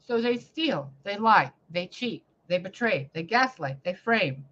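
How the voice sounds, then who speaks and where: A woman vlogging a rambling, profane spiritual rant that swings between loud outbursts and hushed muttering. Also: mid-range voice, animated, measured pace, hardly any pauses, dull audio. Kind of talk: ranting spiritual vlog monologue.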